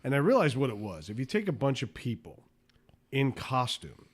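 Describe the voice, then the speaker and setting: A man's voice: medium pitch, huge pitch swings, normal speed. A man co-hosting a podcast in casual chat, delivering dry, sardonic quips with frequent swearing. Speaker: podcast co-host.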